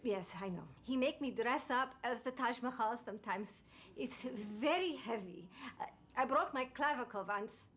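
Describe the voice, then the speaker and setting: An actress playing a meek foreign wife who speaks broken English. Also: female voice, a little high, lively intonation, moderate pace, fairly bright tone, a little hiss or hum.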